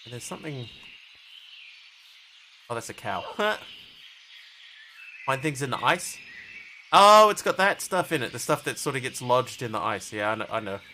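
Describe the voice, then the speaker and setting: A man's voice: mid-range voice, expressive, moderate pace, pauses often, background noise. A man live-streaming a game, chatting casually and jokily with his viewers as he plays. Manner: rambling, jokey, chatty with viewers. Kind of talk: casual live-stream chat while playing.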